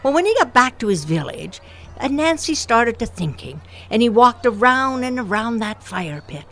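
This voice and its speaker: A woman telling a folktale aloud, expressive and rhythmic, with repeated phrases. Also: a little high, moderate pace. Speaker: storyteller. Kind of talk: oral folktale storytelling.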